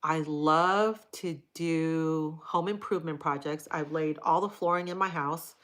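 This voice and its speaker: Middle-aged woman, livestream host, low-ish voice, blunt, casual and profane. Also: steady tone, measured pace, a bit bright. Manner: frank and profane, chatty. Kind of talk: casual live chat reading viewer comments.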